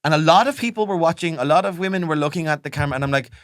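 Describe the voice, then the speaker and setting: A man's voice: fairly high pitch, racing, no echo, clean studio sound. An Irish man in his thirties co-hosting a comedy podcast, telling rambling, self-mocking stories full of acted-out quotes. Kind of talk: casual comedic chat.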